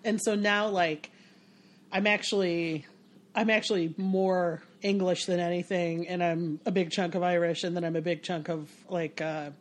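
A woman's voice: lowish voice, steady tone, normal speed. Chatty American woman telling stories. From United States. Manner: chatty, storytelling with many restarts. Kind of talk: casual chat.

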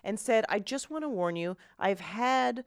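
A woman in a casual chat, wry and quick with quips while telling stories. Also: fairly high pitch, expressive, clear, resonant tone, dry recording, clean studio sound.

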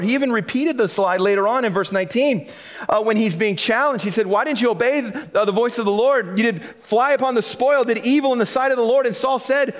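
A man with a high, light voice delivers a sermon in a church. He is animated and conversational, slipping into other voices to act out the people in the stories. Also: brisk. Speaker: pastor.

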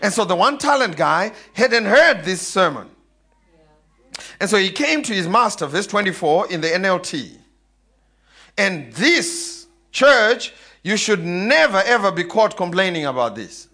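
A man's voice: high-pitched, lively intonation, normal speed, pushed and bright. A man preaching a sermon, calling out questions for the congregation to answer and laughing often. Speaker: pastor.

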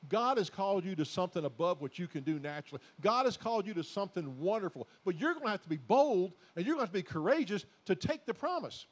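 A man preaching a sermon as pastor, exhorting his congregation in a folksy, repetitive way that builds to loud emphatic declarations. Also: sits high, big pitch swings, quick pace, few pauses.

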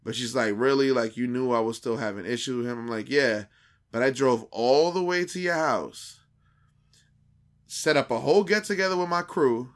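A man co-hosting a podcast, telling a dating story in casual, profane slang and acting out the quoted dialogue with lively shifts. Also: medium pitch, normal speed. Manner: animated, acts out quoted dialogue; profane, slangy street talk.

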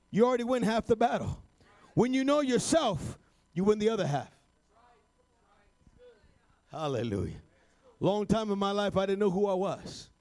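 Preaching with a voice that sits high, this man peppers his sermon with "amen" and "uh." His delivery climbs toward rhythmic refrains that he shouts.

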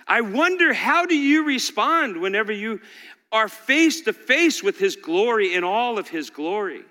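A male pastor preaching a sermon, swinging between loud exhortation and quiet intensity. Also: sits high, very animated, unhurried. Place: large church hall. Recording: long hall reverb.

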